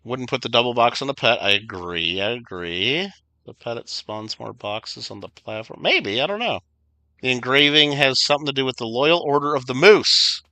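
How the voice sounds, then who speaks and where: Guy from illinois streaming a game, super bright sharp voice, chatty, teases his teammates. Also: medium pitch, expressive, moderate pace, dry recording. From Illinois, USA. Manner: chatty, playfully scolds teammates. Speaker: livestreamer. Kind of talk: casual gameplay chat.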